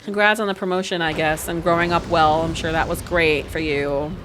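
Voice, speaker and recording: A woman voicing a grudging male game character who answers bragging with dry, flat sarcasm. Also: low-pitched, brisk, slight background noise, voice pushed down. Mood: sarcastic. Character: grudging unimpressed male sim.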